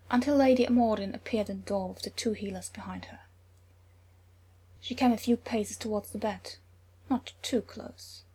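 A woman reading a story aloud in a soft, often whispered narration. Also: fairly high pitch. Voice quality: very breathy.

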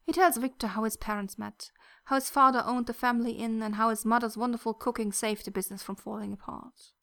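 A woman narrating a fan fiction story in a soft, gentle reading voice that at times drops close to a whisper. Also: fairly high pitch, fairly even intonation, brisk.

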